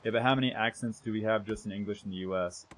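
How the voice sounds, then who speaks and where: A man's voice: fairly low pitch, steady tone, quick pace. A young American man chatting casually with viewers while streaming a game, rambling and correcting himself as he goes. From United States. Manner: rambling, self-correcting, trails off softly.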